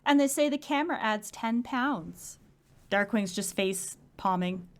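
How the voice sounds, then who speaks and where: A woman's voice: medium pitch, lively intonation, a little slow. A woman co-hosting a podcast, animatedly recapping a comic in casual chat and laughing often. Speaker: podcast co-host.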